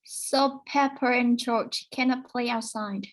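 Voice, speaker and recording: A woman's voice: on the high side, fairly even intonation, takes it slowly, poor audio. A woman student on an online call, reading practice sentences aloud carefully. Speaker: student volunteer. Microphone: video call.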